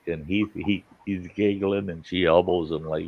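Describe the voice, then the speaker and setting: Casting: deep-voiced middle-aged host, crude storyteller who laughs often, muffled lo-fi audio with faint hiss. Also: male voice, steady tone, moderate pace. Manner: profane, laughs often while telling stories. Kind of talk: casual campfire storytelling.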